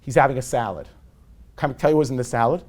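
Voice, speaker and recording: A man in his forties, a rabbi, lectures to a live audience in an animated storytelling way. He mixes self-deprecating humor with Yiddish and Hebrew words. His voice sits at an ordinary pitch for a man. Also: rapid-fire. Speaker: rabbi giving a public talk on parenting.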